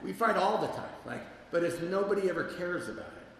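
A man's voice: high voice, expressive, fairly quick, a little hiss or hum. A man speaking at a recovery meeting, telling his own story candidly and with self-deprecating asides to the group. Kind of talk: personal recovery share to a live group. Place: meeting room with a group present. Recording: echoey hall with long reverb.

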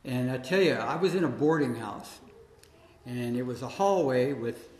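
A man's voice: mid-range voice, lively intonation, moderate pace, a little mellow. A man telling a long personal story aloud in a loose, rambling, conversational way, full of fillers like "you know" and "man.". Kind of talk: live personal storytelling monologue. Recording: echoey hall with faint noise.

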